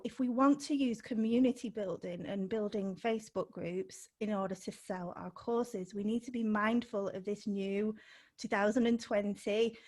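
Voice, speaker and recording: A fairly high-voiced woman speaks off the cuff as a podcast guest. She coaches business owners and sounds upbeat. She laughs between points and leans hard on the words she wants to stress. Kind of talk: unscripted podcast interview.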